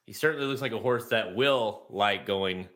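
A man's voice: lowish voice, moderate pace, fairly bright tone. A man hosting a racing podcast, loose and rambling, laughing often. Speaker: podcast host. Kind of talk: casual podcast chat.

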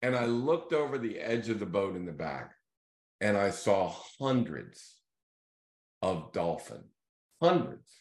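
A man hosting a casual video series, telling a fishing story in a loose, animated way and acting out the voices of the people in it. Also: on the low side, takes it slowly, pauses often. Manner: animated storyteller who acts out quoted voices. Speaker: real estate team leader hosting a video series. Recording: echoey room.

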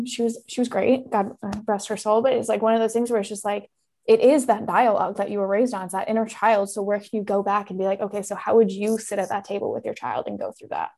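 A woman guest on a podcast, talking fast and animated in casual chat. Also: medium pitch, vocal fry.

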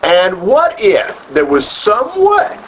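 A man leads a group Bible study at an unhurried pace, his pitch rising and falling widely as he quizzes the group and builds on their answers. The recording is muffled and lo-fi, with a faint hiss underneath. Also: huge pitch swings, fairly bright tone. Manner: asks the group questions, then repeats and expands on their answers. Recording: dull lo-fi room recording with faint noise.

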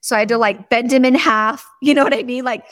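A woman hosting a podcast, chatting casually and telling animated stories, acting out the quotes of the people in them. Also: on the high side, fast talker, no echo, clean studio sound. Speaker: podcast host. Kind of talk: casual chat.

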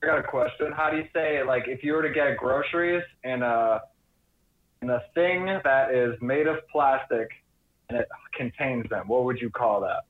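A man from Minnesota chatting with friends, halting and repeating words. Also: medium pitch. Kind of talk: casual group chat. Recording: echoey phone-like sound.

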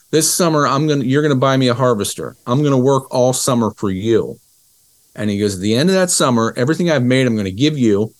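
Animated storytelling man, dry sound. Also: medium pitch, dry recording. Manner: animated storyteller who acts out dialogue. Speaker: interview guest, business educator. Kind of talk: conversational interview storytelling.

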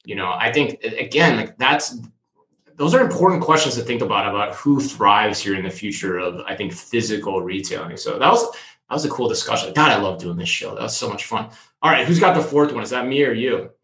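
A man with a bright, forceful voice talks through retail news in a lively, joking way. His voice rings in a roomy space with a noticeable echo. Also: on the low side, brisk. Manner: animated, jokey, talks in bursts. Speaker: co-host of a retail news show. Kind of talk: casual news discussion.

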